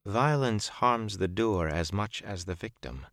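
A man voicing a calm, serene woman of a peaceful wandering folk, speaking placidly and softly in an audiobook. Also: low voice, a little slow, dry recording, studio quality. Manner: placid, soft-spoken.

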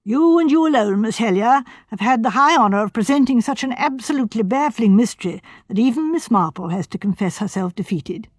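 A formal, urbane older gentleman speaks with dry, teasing wit. A woman narrator plays him. The sound is close and clean, with no room. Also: on the high side, animated, brisk, few pauses, breathy edge, dry recording. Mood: wry.

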